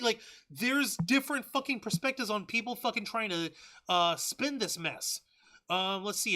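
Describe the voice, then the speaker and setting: Man, livestream host, angry swearing rants, news and chat reading, high voice, very bright and sharp tone. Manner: angry, profane ranting. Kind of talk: live news commentary, reading articles and chat.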